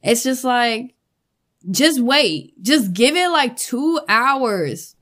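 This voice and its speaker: A woman vlogging casually, animated and quick to laugh, cursing freely, with features. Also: fairly high pitch. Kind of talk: casual storytelling chat.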